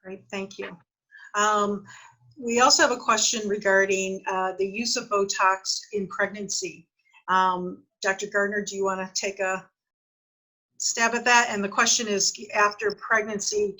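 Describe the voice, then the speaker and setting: Woman moderator, bright sharp voice, reads out questions quick and to the point. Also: medium pitch, flat delivery, rough recording. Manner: brisk, reads questions aloud. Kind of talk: reading audience questions. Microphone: video call.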